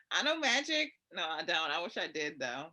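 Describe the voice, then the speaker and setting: A woman's voice: fairly low pitch, big pitch swings, moderate pace, pushed and bright. A woman co-hosting a casual comedy podcast, laughing easily and making dry asides. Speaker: podcast co-host. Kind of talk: casual chat.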